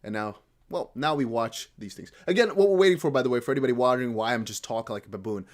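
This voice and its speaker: A man's voice: mid-range voice, fast talker. A man from the Netherlands with a near-American accent, chatting casually and rambling to his livestream viewers as a crypto host. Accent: American-sounding English with slight Dutch traces. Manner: rambling, animated, talks to chat.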